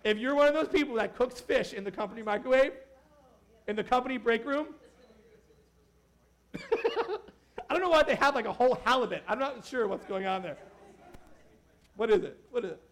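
A man preaching a casual, conversational sermon as a pastor, animated and joking, with many asides to the congregation. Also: very high voice, fairly quick.

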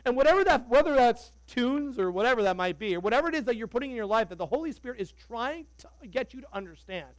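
A man preaching a sermon as pastor, animated and conversational, joking with the congregation. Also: extremely high pitch, fast, hardly any pauses, dry recording, rough recording.

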